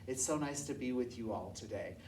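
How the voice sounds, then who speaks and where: Low-voiced woman teaching music in an echoey room. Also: expressive, a little fast, a little mellow, slight background noise. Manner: cues counts and sings scale notes aloud. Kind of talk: demonstrating a movement and singing lesson. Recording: echoey room heard from a distance.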